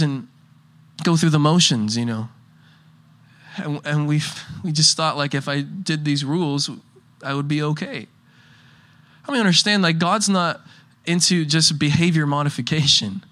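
Young male preacher, slightly high, bright tone; loose, rambling, laughing delivery. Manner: rambling, restarts often, chuckles through anecdotes. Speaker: pastor. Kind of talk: casual conversational sermon.

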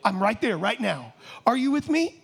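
A middle-aged man preaching a sermon, impassioned, throwing rhetorical questions at the congregation and building to shouts. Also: very high voice, very animated, normal speed, vocal fry, breathy edge.

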